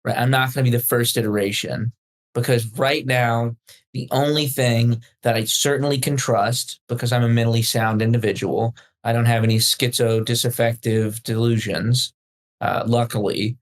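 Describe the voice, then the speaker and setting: A man's voice: medium pitch, steady tone, normal speed. Man joking bluntly on a podcast. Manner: blunt, joking, swears freely. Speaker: podcast co-host. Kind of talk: casual chat.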